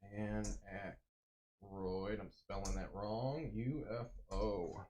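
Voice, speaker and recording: A man's voice: lowish voice, slow, warm tone, a little hiss or hum. A man hosting a comedy podcast, riffing sarcastically with a lot of swearing. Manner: profane, sarcastic. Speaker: podcast host.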